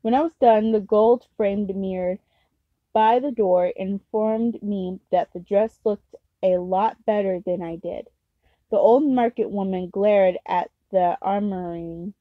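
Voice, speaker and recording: A woman's voice: mid-range voice, slow pace, dry recording, narrow, tinny audio. A woman reading a novel aloud casually as an amateur reader, unpolished with slips and restarts.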